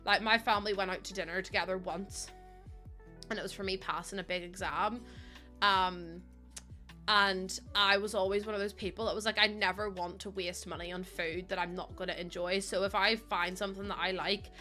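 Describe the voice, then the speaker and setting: A woman's voice: mid-range voice, fairly even intonation, moderate pace, sharp tone, soft background music. A woman in her late twenties, chatting casually and rambling while she streams a game, laughing often. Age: late 20s.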